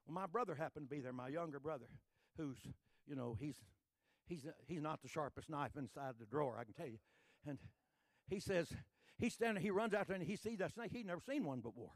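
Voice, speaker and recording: A man from Texas, preaching in a high voice. He tells folksy stories and repeats lines as they build to loud, shouted peaks. The recording is dry and close. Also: expressive, fairly quick, dry recording. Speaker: pastor. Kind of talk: sermon with folksy storytelling.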